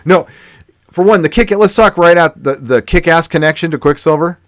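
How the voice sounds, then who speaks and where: A man co-hosting a casual movie review chat, excited and full of restarts and fillers. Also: on the high side, moderate pace, dry recording, clean studio sound. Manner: animated, many restarts and fillers. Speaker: podcast co-host.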